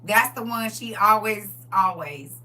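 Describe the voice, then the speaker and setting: A woman's voice: medium pitch, measured pace, distant mic. A middle-aged woman hosting a live stream, chatting casually and laughing a lot. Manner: animated, laughing, exclaiming. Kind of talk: casual chat.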